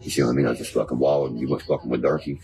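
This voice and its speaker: Deep-voiced rambling man. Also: little pitch movement, rapid-fire, rough recording. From West Virginia. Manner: profane, rambling, conspiratorial. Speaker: guest. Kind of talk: rambling casual chat. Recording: background music playing.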